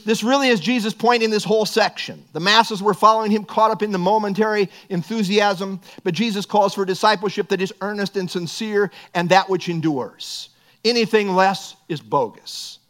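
A man's voice: sits high, normal speed, fairly bright tone. A middle-aged man preaching a sermon as pastor, earnest and building to emphatic bursts.

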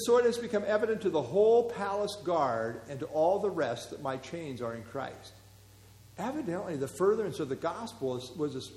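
A man preaching as a pastor, teaching verse by verse in a relaxed, conversational way with fillers and asides. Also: sits high. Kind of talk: expository Bible teaching. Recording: echoey hall.

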